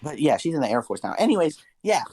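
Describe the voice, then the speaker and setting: A man's voice: a little high, big pitch swings, quick pace, darkish tone. A young man co-hosting a podcast, telling a story in casual chat, swearing a lot and talking with animation. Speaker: podcast co-host.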